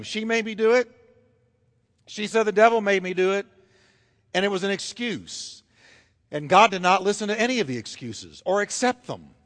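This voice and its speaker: Brief: high-pitched male pastor, emphatic sermon delivery, long reverb of a big church hall. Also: fairly bright tone. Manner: emphatic, repetitive preaching with dramatic pauses. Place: church sanctuary. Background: congregation.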